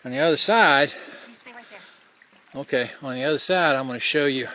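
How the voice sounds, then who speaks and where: This man has a mid-range, sharp-toned voice and a moderate pace, with slight background noise. He's scouting a mountain trail on foot, filming handheld and guiding viewers in casual, loose commentary full of restarted phrases.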